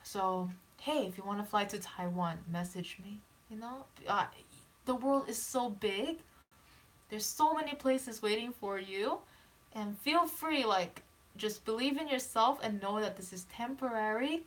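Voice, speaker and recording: A woman guest on a casual live stream, offering encouragement in a halting, heartfelt way. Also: medium pitch, a bit bright.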